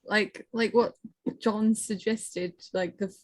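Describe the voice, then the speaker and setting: A woman's voice: mid-range voice, fairly even intonation, slow, dry recording. A woman playing a tabletop role-play, chatting in a giggly, playful way. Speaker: player. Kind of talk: casual chat in a tabletop game.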